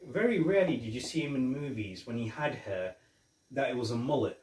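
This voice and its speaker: A man's voice: mid-range voice, lively intonation, brisk, a little mellow. A man hosting a casual film review podcast, retelling scenes in a rambling way with restarts. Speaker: podcast host. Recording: roomy, mic at a distance.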